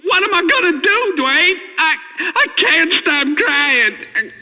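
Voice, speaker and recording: A man's voice: extremely high pitch, big pitch swings, a little slow, sharp tone, long reverb tail, heavily acted, poor audio. An actor playing a nervous, stammering father who calls in to a radio show. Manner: stammering, hesitant. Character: nervous hick male caller, a father. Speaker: caller.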